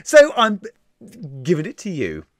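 Man, live-stream quiz host, casual swearing, slightly high pitch, dry sound. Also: huge pitch swings, a little slow, no echo. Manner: chatty, swears casually, laughs at himself. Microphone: desk mic.

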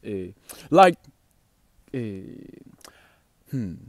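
A young man casually telling a personal story to camera, animated and slangy, with many fillers and sudden swings between loud and quiet. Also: lowish voice, drawn-out words, no room sound. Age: young adult.

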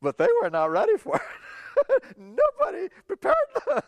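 A man preaching a sermon, telling a Bible story with animated voices for the people in it and laughing often. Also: very high voice, a little slow, gravelly, no room sound.

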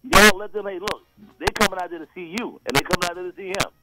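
A man calling in to a radio show, excitedly cheering on a guest and saying "hey" and "man" over and over. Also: high-pitched, fast talker, over a noisy crowd, poor audio. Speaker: caller. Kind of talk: phone call to a radio show.

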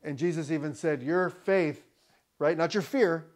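Male pastor, slightly high voice, relaxed preaching that builds to loud emphatic lines. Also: fairly quick. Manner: conversational preaching, rising to loud emphatic peaks, joking asides. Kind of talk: sermon. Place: church.

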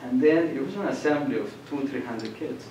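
A man's voice: medium pitch, a little fast. An older man gives a lecture, telling vivid stories and slipping into voices for the people in them. He sits well back from the microphone in a reverberant hall. There is a faint background hiss. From Colombia. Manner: animated storyteller, acts out voices and laughs. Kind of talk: public lecture with storytelling. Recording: echoey room, distant mic, faint noise.

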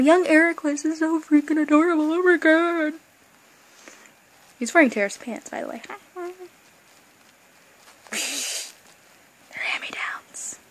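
A young woman chatting excitedly as a fan vlogger, rambling and gushing, with bursts of excitement and quiet asides. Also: a little high, slight background noise, rough recording. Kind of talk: excited casual fan chat.

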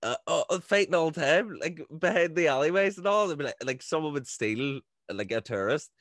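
Relaxed podcast host, dry close sound. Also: male voice, fairly high pitch, brisk, no echo. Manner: relaxed, conversational, easy laughter. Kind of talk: casual podcast chat.

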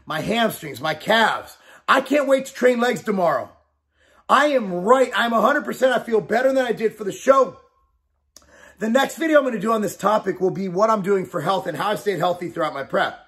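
A man's voice: high voice, lively intonation, moderate pace, a bit bright. Blunt, emphatic man in his forties. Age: 40s. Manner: blunt and emphatic, swearing, repeats himself. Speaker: fitness company owner and bodybuilder. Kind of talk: casual vlog talk to camera.

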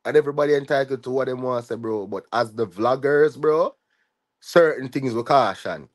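A man vlogger with a Jamaican patois accent rants heatedly in a medium-pitched voice at a fairly quick pace. His vlog commentary is full of tags like "you see me" and "dog".

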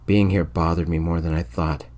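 Man, very low voice, soft-spoken ASMR storytelling, quiet even narration. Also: normal speed.

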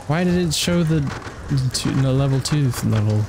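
Amid a noisy background, an animated let's play gamer with a mid-range voice talks at a normal speed. He narrates his video game casually, chatting to himself and the on-screen creatures with frequent laughs.

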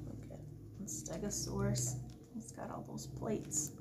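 Expressive woman reading to children. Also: medium pitch, background noise. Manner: expressive, slow, hushed asides to children. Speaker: children's librarian. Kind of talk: children's story time reading.

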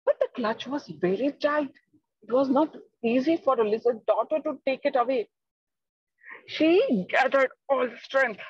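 Female storyteller, slow and expressive, breathy tone; dull lo-fi online audio. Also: mid-range voice, no room sound. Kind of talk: storytelling for children. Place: home, online talk.

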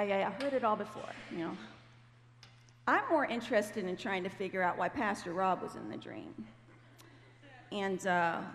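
Woman, gravelly voice, animated storytelling testimony, long hall reverb. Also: on the low side. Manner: animated, conversational, acts out quoted voices. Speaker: guest speaker. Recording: hall reverb with faint background noise.

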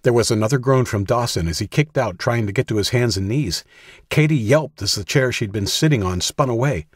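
A man narrating an audiobook in a steady, measured storytelling voice. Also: medium pitch, slightly rough, no room sound, studio quality.

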